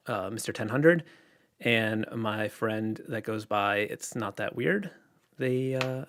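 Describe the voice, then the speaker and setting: Relaxed rambling man on a livestream. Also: mid-range voice. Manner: relaxed and rambling, many fillers and restarts. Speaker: illustrator livestreaming. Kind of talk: casual livestream chat answering viewer questions.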